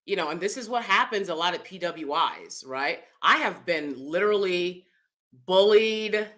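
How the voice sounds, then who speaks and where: A woman hosting her own channel, talking in a casual, animated way, often checking in with "right?" and jumping into high mocking voices. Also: normal speed. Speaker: commentary channel host. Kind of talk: casual opinion commentary.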